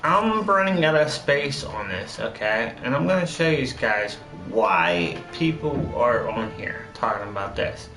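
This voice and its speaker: A man streams a game, rambling casually and repeating words for emphasis. His mid-range voice is animated, pushed and bright, a little slow but with hardly any pauses. Soft music plays in an echoey room with faint noise.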